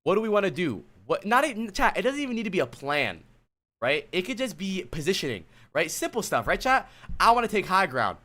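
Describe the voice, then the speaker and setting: A male streamer coaching a player live, with a high, bright voice. He is blunt and exasperated, swears freely, and breaks off to talk to his chat while he lectures. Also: big pitch swings, brisk. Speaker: streamer coach reviewing gameplay.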